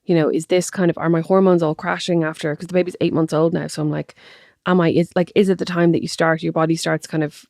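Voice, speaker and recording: Irish woman, 30s, podcast co-host, quick and chatty, low-ish voice, dry close sound. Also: little pitch movement, creaky, a little mellow, no room sound. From Ireland. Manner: chatty, self-deprecating, laughs often. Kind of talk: casual chat.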